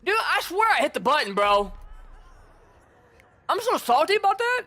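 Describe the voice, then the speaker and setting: Excitable high-voiced young gamer guy. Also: normal speed. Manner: excitable, swears, frequent "bro" and "dude". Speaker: gaming streamer. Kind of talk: casual gameplay commentary.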